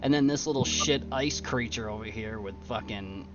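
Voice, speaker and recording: A man's voice: medium pitch, normal speed, crowd noise. A man playing a tabletop game, rambling in a profane, fired-up way. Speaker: player. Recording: dull lo-fi mic.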